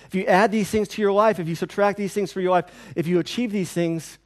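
A pastor preaching a sermon in a church, with an earnest, repetitive cadence. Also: male voice, high voice, steady tone, fairly quick.

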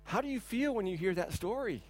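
A man's voice: high-pitched, lively intonation, a little fast. A male pastor preaching a sermon, telling a story earnestly with frequent restarts. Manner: earnest storytelling, quiet and reflective at the end.

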